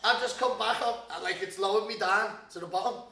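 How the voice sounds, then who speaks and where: A man's voice: high voice, a little fast, vocal fry, bright, forceful tone, recorded from a distance. A young man telling stories in a sweary, laughing casual chat. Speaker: podcast co-host. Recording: roomy, off-mic sound.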